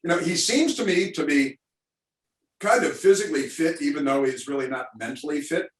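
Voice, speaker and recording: Talk radio guy riffing sarcastic political commentary, mid pitch, echoey room, mic set back a bit. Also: brisk. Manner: sarcastic, rambling, many fillers. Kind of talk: opinionated political commentary to listeners. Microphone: video call. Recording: roomy, distant mic.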